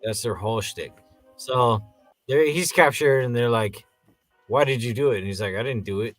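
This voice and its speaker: A man co-hosting a casual review podcast, retelling scenes in an animated way and acting out the characters. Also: mid-range voice, moderate pace, no room sound, soft background music. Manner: animated storyteller, acts out scenes. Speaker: podcast co-host.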